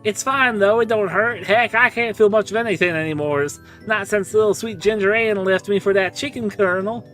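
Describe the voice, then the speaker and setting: A man's voice: high-pitched, moderate pace, hardly any pauses, a bit bright, faint music behind, voice pushed up. A man voicing a crude, rambling hillbilly tomato farmer with a put-on Southern drawl while streaming a game. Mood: folksy.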